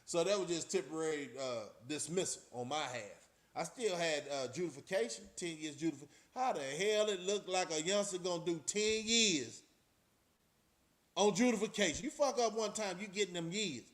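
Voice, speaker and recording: A middle-aged man with a notably high speaking voice, recounting his past in a loose, streetwise way. He swears freely and keeps turning to his viewers. His talk is casual and unscripted. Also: moderate pace. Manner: streetwise, profane, talks straight to the audience. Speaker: channel host.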